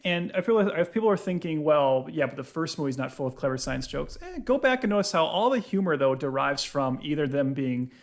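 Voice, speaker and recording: A man co-hosting a film-review podcast in a relaxed chat. His voice sits a little high, and he argues insistently with frequent rhetorical questions. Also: a little fast, hardly any pauses. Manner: critical, emphatic, lots of "like" and rhetorical questions. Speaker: podcast co-host.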